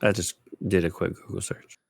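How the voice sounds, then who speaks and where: A man's voice: low voice, little pitch movement, moderate pace, gravelly, husky, no echo. A man co-hosting a casual podcast chat, throwing in dry, wisecracking remarks. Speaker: podcast co-host.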